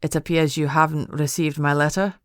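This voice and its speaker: A woman's voice: deep voice, level tone, brisk, no echo, studio quality, lightly acted. A woman narrator voicing a polite young husband who talks earnestly and stammers a little.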